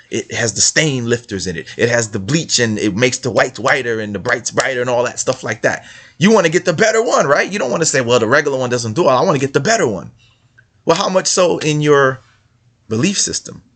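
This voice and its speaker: A man's voice: medium pitch, animated, moderate pace, fairly bright tone. A man hosting religious commentary, reading passages aloud and repeating his points with rhetorical questions in a casual way. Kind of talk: casual screen-share commentary.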